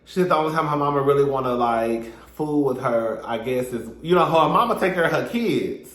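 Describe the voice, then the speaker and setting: A man giving a sassy, animated casual recap of a reality show, talking straight to his viewers. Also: mid-range voice, fairly quick, roomy sound. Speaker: reality TV reviewer.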